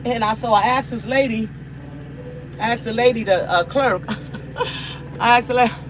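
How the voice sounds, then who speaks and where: With a fairly high, unhurried voice, a middle-aged woman from the United States runs a cooking livestream. She speaks to viewers in a preachy, emphatic, repetitive style, and background noise can be heard.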